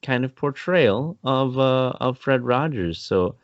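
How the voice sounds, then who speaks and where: A man's voice: medium pitch, lively intonation, slow pace, no room sound. A man co-hosting a casual film-review podcast, rambling and laughing often as he pokes fun at himself. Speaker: podcast co-host. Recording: dull, dry podcast recording.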